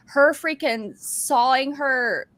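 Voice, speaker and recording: A woman with a fairly high voice talks in an excited, gushing rush. She keeps circling back with "like" as she chats. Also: slow pace. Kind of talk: casual chat.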